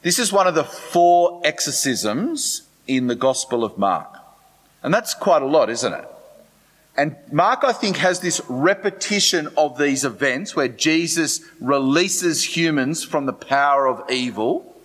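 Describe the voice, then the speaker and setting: A man's voice: on the high side, animated, measured pace, fairly bright tone, long reverb tail. A man preaching a sermon in a conversational way, often asking the congregation questions. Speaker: pastor.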